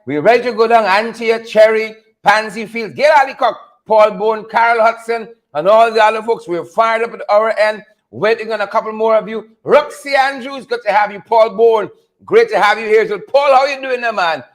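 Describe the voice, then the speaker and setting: A male podcast host greeting viewers by name on a live stream, energetic and hype. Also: high voice, normal speed.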